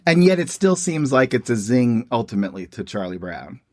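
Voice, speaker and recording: A man's voice: mid-range voice, big pitch swings, a little fast, darkish tone, no room sound, studio quality. A man co-hosting a podcast, chatting with teasing humor and reading comic strips aloud. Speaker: podcast co-host.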